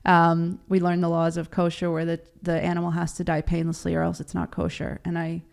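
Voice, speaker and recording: A woman with a lowish voice and a lot of gravelly fry tells her story as an interview guest. She talks casually, laughs often and acts out what others said. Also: completely flat delivery, fairly quick, darkish tone. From Baltimore, USA.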